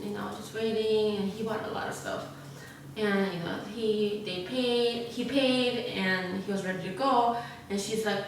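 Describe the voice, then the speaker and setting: A young woman mukbang vlogger, mid-range in voice, tells a casual story between bites, rambling with lots of "like" and "you know." She's recorded from a distance and off-mic in a large, sparsely furnished new apartment room that's very echoey, and a faint hiss runs through it.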